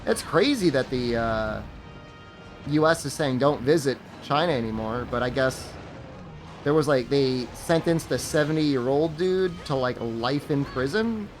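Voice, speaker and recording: A man's voice: medium pitch, expressive, unhurried, soft background music. A young man streaming a game, chatting casually with his viewers in a rambling, sarcastic way and laughing at his own jokes. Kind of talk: casual live-stream chat while gaming.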